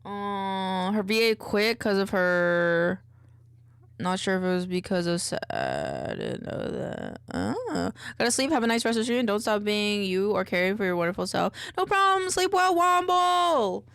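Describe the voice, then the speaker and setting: A woman streamer in a casual, low-key chat, rambling and distracted as she reads chat aloud between tasks. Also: big pitch swings, moderate pace, creaky, clean tone, no room sound. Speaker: VTuber streamer.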